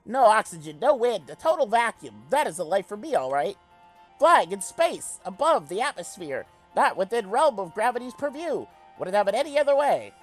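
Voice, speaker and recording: A man's voice: high-pitched, very animated, moderate pace, faint music behind, pitched above the performer's own voice. A man doing a blustering old-timey alien tinkerer. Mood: bombastic. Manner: old-timey newsreel announcer delivery; grandiose, flowery phrasing. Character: bombastic male alien tinkerer, space-obsessed.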